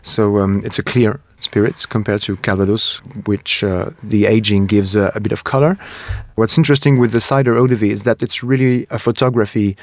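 A man from France with a French accent, a spirits brand co-founder explaining his product in a relaxed interview, with many fillers. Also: on the low side, a little fast, hardly any pauses, no room sound. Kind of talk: conversational interview.

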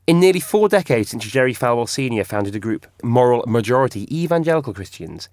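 Man, radio presenter, wry, conversational, mid pitch, dry studio mic. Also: sing-song, a little fast, darkish tone, dry recording. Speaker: radio host. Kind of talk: casual studio discussion. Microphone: studio microphone.

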